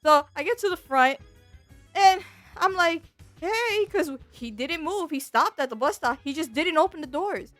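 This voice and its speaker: Woman VTuber, casual storytime, high-pitched, bright, animated exaggerated telling, dry close sound, faint music behind. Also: normal speed, dry recording. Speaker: VTuber streamer.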